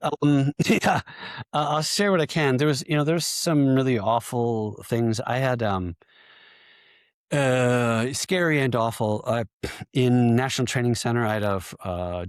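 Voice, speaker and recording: Brief: man, 50s, veteran podcast guest, animated storyteller, mid pitch, close dry mic. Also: measured pace, no echo. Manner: animated storyteller who acts out shouted quotes and often laughs. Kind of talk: casual interview storytelling.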